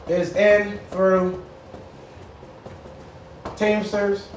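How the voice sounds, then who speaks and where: A man's voice: sits high, little pitch movement, drawn-out words. A man running a sales workshop, talking energetically to a group, often repeating words as he starts a thought. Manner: acts out phone calls in a raised voice. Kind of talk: live training talk to a group. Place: workshop room. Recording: echoey room from far off, faint noise.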